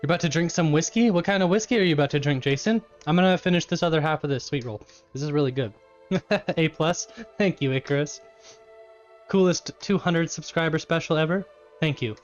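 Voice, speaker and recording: A man's voice: on the high side, fairly quick, highs cut off, faint music behind. A man live-streaming from his home kitchen, chatting casually with his chat, laughing often and eating as he talks.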